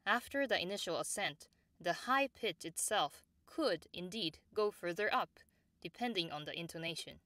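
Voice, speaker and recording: A woman teaching Japanese pronunciation, explaining pitch accent in a precise way and repeating each example word. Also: animated, pushed and bright, dry recording. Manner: measured and precise, models example words slowly and repeats them. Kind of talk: slow, clear instructional explanation.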